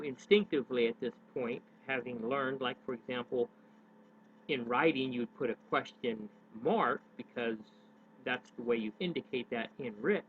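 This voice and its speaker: A man giving unscripted advice on public speaking in a daily vlog, rambling and correcting himself with many hesitations. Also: mid-range voice. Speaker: daily vlogger. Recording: tinny phone-like sound with faint noise.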